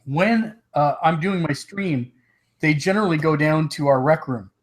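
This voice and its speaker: A man with a slightly raised voice talks off the cuff on a gaming podcast, relaxed and rambling. He has the hiccups and laughs easily between thoughts. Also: fairly high pitch, moderate pace. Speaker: podcast co-host. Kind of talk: casual chat.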